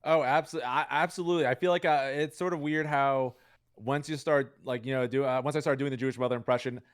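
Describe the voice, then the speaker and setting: Speaking in a clean, steady mid-range voice, this young guest streamer rambles fast through an interview, full of filler words and casual chat. Recording is studio quality, without echo.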